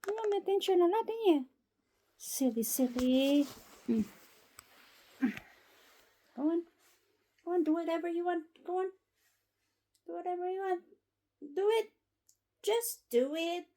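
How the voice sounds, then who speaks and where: A woman's voice: very high voice, animated, measured pace, long pauses, warm tone, low-quality recording. A woman with a Filipino accent, talking baby talk to her pet birds in a cooing, sing-song way.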